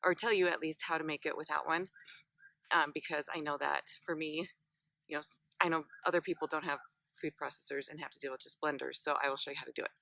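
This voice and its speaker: Brief: female cooking vlogger, low but bright voice, chatty and excitable, dry close sound. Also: fast talker, vocal fry, no echo. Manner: bubbly, chatty, lots of fillers. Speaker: recipe vlogger. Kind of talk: casual cooking chat.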